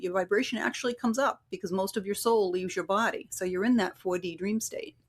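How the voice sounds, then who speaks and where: A woman guest on an interview podcast, a psychic medium and relationship coach, telling stories casually and acting out the voices of the people in them. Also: mid-range voice. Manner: chatty, acts out quoted voices in anecdotes.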